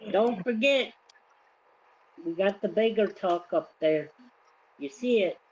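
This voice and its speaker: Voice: mid-range voice, lively intonation, takes it slowly, darkish tone, husky. An easygoing host of a live audio stream, chatting casually and steering the conversation. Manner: easygoing, laid-back, moderating the room. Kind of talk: casual chat. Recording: dull lo-fi line with faint noise.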